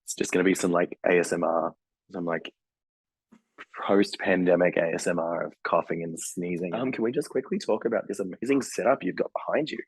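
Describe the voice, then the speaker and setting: A man, hoarse and husky from being sick, chatting casually as a podcast co-host. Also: low voice, brisk, no room sound, rough recording. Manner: chatty, laughs easily. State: hoarse from illness. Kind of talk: casual chat.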